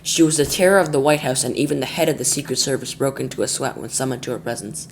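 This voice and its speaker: A man reading a children's book aloud as a storyteller, lively, with small slips and restarts. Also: medium pitch, fast, vocal fry, a little hiss or hum.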